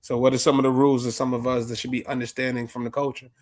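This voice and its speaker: A man hosting a casual interview podcast, talking in heavy slang and giving quick shout-outs. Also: mid-range voice, level tone. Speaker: podcast host.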